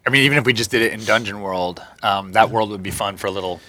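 Bright, eager male game master, dry close mic, casual chat. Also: lowish voice, fast, no room sound. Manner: enthusiastic storytelling. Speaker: podcast co-host and game master. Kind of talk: casual chat about tabletop games.

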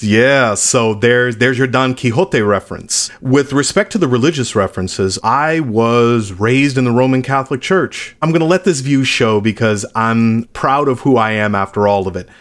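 A man's voice: medium pitch, moderate pace, hardly any pauses. A man in his late thirties, a musician being interviewed, speaking candidly and reflectively, sometimes blunt. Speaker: musician guest. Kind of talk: interview conversation.

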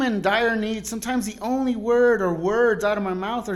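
A male guest pastor giving a sermon in a casual, storytelling way, laughing often and moving between loud cries and quiet asides. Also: sits high, steady tone, normal speed.

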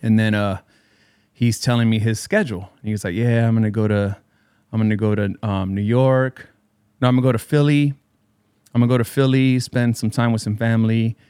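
A man's voice: on the low side, fairly even intonation, brisk, darkish tone, smooth, dry recording, clean studio sound. A man and DJ telling a story in casual chat with friends, loose and profane with bro slang.

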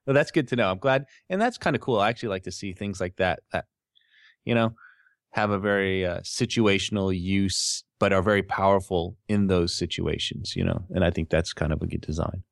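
A man with a low voice hosts a casual gaming chat and reads out listener questions. He talks in a relaxed, hesitant way with plenty of fillers. The sound is dry and close. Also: fairly quick, vocal fry, dry recording. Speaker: podcast host.

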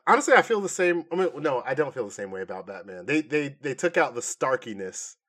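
A man's voice: medium pitch, fast. A male co-host of a pop-culture podcast, chatting casually and animatedly and laughing often. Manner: animated, laughs a lot, acts out quotes in silly voices.

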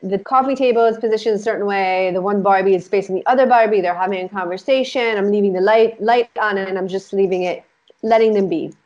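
A woman's voice: medium pitch, quick pace, darkish tone, lo-fi sound. Chatty woman guest, giggly storyteller. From Israel. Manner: rambling, giggly, many "like" fillers. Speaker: guest, life coach. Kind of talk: casual storytelling chat.

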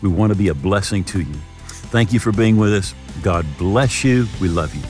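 A man's voice: low voice, normal speed, darkish tone, in a large hall, faint music behind. A man preaching a television sermon, telling a personal story and leading viewers in prayer. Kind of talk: sermon with altar call.

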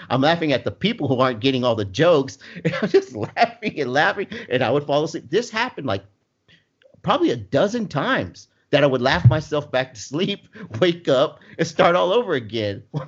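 A man telling a long funny story in casual chat, laughing often as he goes. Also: medium pitch. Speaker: storyteller guest. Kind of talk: casual anecdote. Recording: dull lo-fi sound.

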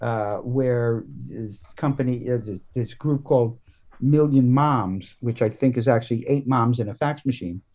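Halting American man musing on writing. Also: mid-range voice, darkish tone. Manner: halting, many restarts and fillers. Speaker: guest comics writer. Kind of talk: casual podcast interview.

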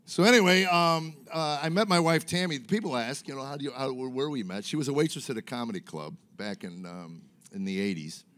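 A man's voice: medium pitch, fairly quick, few pauses, fairly bright tone. A middle-aged man doing a stand-up comedy set on stage, telling rambling, self-mocking stories full of fillers. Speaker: stand-up comic. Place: comedy stage before a live audience.

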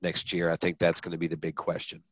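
A man's voice: low voice, monotone, fast, fairly bright tone. A man talking casually on a sports podcast, hesitant and full of restarts.

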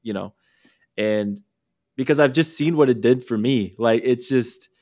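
In an easygoing interview on his podcast, a man who works as a career coach speaks frankly, wandering off track and breaking into his own sentences. His mid-range voice is unhurried and a little mellow.

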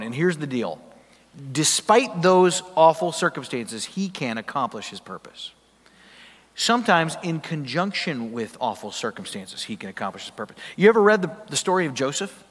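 A pastor preaching a sermon in a conversational, emphatic way, asking the congregation questions. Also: male voice, fairly high pitch, fairly bright tone. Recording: long hall reverb.

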